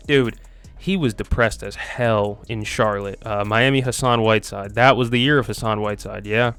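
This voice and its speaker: A man's voice: mid-range voice, a bit bright, clean tone. A young man hosting a quiz video, chatting casually and thinking aloud with lots of ums and self-mocking asides. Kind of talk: casual commentary while playing a quiz.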